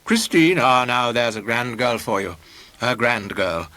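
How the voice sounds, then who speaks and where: A man voicing a pompous, self-important painter who speaks in grand, measured tones. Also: medium pitch, lively intonation, bright, forceful tone, dry recording.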